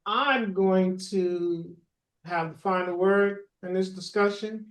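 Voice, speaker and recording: A man hosting a podcast, wrapping up a casual discussion with emphatic, deliberate statements. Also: sits high. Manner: emphatic, deliberate when making a point. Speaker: podcast host.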